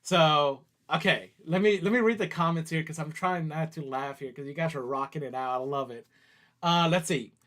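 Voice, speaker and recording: A company CEO hosts a livestream, chatting casually with viewers while working on screen and laughing easily. His voice sits on the high side with a fairly bright tone, moving at a moderate pace.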